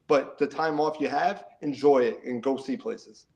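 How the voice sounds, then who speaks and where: A middle-aged man from the New Jersey and New York area, chatting as a guest in a casual interview, animated, often repeating words and laughing. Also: mid-range voice, moderate pace, gravelly, dull audio.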